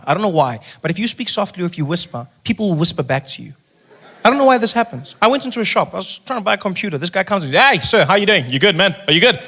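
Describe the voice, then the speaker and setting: A South African man doing stand-up comedy, telling an animated story that swings between loud bits and hushed talk. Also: fairly high pitch. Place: comedy club stage.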